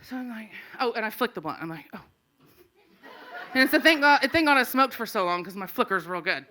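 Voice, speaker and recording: A woman's voice: fairly high pitch, expressive, fast, bright, forceful tone, slight background noise. A woman telling a true comic story on a live stage, laughing through her lines and acting out the people she quotes. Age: 40s. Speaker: storyteller comedian. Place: small live venue stage.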